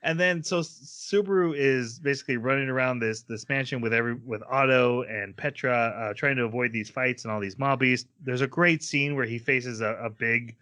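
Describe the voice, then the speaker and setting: A man of middle pitch chats casually as a podcast co-host. He rambles through a recap, stacking fillers and restarts. His voice sits in an ordinary register. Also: a little fast, few pauses, sharp tone. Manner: rambling plot retelling with fillers and laughs. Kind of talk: casual anime recap chat.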